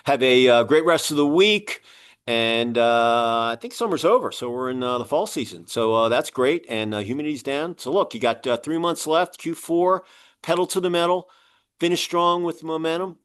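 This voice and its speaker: A man hosting an interview, chatting casually and telling animated stories. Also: on the high side, moderate pace, smooth. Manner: animated storyteller, acts out other people's voices. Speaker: podcast host and publisher.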